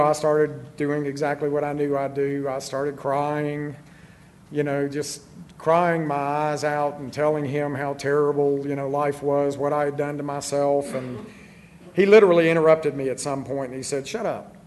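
A man's voice: on the high side, level tone, moderate pace, a little mellow, slight background noise. A middle-aged man telling his own recovery story in a candid, self-deprecating way, with many fillers. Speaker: recovery speaker. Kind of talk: personal recovery talk.

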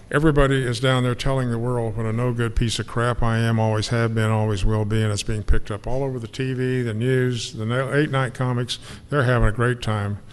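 Older man, earnest testimony in hall. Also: medium pitch. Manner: earnest, emotional, reflective. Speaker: speaker sharing recovery story. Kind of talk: personal testimony to an audience. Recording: long hall reverb, faint noise.

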